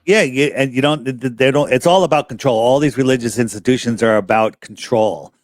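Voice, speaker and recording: A man's voice: mid-range voice, fairly quick, no echo. A man talking as a guest on a casual podcast, telling stories animatedly and acting out the lines of people in them. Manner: animated storyteller, acts out quoted dialogue.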